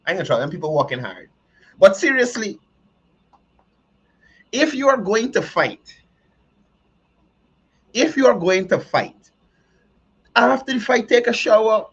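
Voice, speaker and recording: High-voiced male host. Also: big pitch swings, a little slow, long pauses, husky. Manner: repetitive, emphatic, joking. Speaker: show host. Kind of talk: casual commentary. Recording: dull lo-fi sound.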